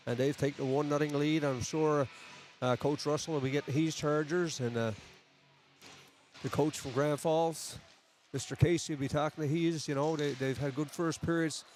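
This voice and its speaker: A man giving chatty, folksy live play-by-play of a local hockey game from a community arena. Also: a little high. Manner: chatty, folksy asides between plays. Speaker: play-by-play commentator.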